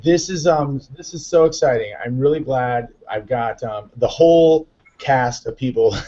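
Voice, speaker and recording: An excitable man hosts a live online chat show, upbeat and rambling, with lots of fillers and restarts. His voice sits at an ordinary middle pitch. The audio is dull and lo-fi, like a web call.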